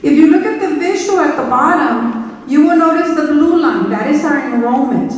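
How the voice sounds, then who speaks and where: High-voiced woman in an echoey auditorium. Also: lively intonation, normal speed, distant mic, lo-fi sound. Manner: emphatic, repeats key points, addresses the audience directly. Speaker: school superintendent. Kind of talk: speech to school staff. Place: large auditorium.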